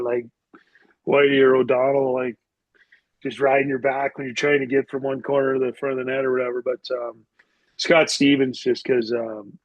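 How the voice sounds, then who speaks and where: A middle-aged man spins loose, profane stories as a podcast guest, peppering every sentence with "like". His voice sits at an ordinary pitch. The recording is close and dry, with a slightly muffled, dull tone. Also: dry recording. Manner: rambling, profane, heavy use of "like". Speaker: podcast guest, former hockey player. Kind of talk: casual storytelling interview.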